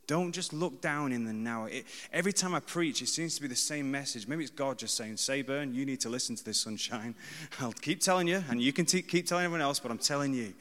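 A man's voice: on the high side, quick pace, a bit bright, in a large hall. A man in his thirties preaching a sermon in a conversational, self-deprecating way, repeating key phrases for emphasis.

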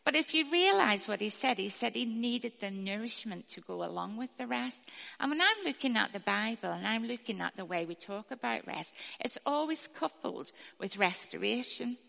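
A woman's voice: a little high, animated, moderate pace, gravelly, bright, forceful tone, in a large hall. A woman in her fifties giving an informal, chatty sermon with a Bible reading, full of ums and asides. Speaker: speaker at church.

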